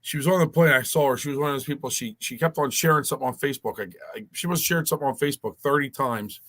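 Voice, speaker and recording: A man's voice: mid-range voice, rapid-fire, a bit bright. A man telling a long, rambling story in casual chat, with many restarts.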